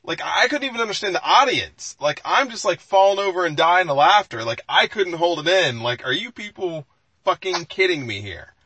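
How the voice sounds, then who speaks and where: A man's voice: high-pitched, animated, normal speed, pushed and bright, husky, no room sound, rough recording. A man co-hosting a live podcast, talking in a rambling, emphatic way with many restarts and some swearing. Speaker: podcast co-host. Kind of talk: casual chat.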